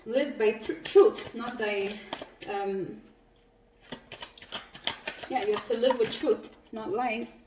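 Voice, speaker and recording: A woman giving a casual spiritual tarot reading, chatty and quick to laugh, with some casual swearing. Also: on the high side, background noise. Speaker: tarot reader. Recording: roomy echo, mic at a distance.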